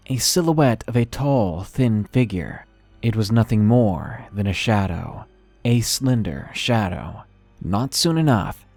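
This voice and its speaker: A man reading a first-person horror story aloud in a slow, measured, ominous way. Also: on the low side, a little mellow, dry recording. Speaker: narrator. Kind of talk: scripted horror story narration. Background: faint background music.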